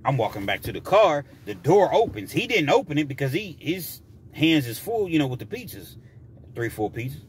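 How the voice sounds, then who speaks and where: A man's voice: fairly high pitch, normal speed, slight background noise. A man telling a personal story casually, acting out scenes as he goes. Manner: animated, acts out scenes.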